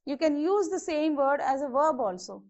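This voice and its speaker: Woman, high voice, patient grammar teacher, slightly muffled recording. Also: expressive, moderate pace, a little mellow. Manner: repeats words and checks in with "okay". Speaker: English teacher. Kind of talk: classroom grammar lesson. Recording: slightly dull lo-fi lesson audio.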